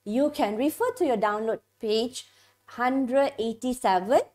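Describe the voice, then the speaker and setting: A woman's voice: on the high side, measured pace, a little mellow. A female English teacher from Malaysia gives an exam-prep lesson and checks in with "okay" and "right".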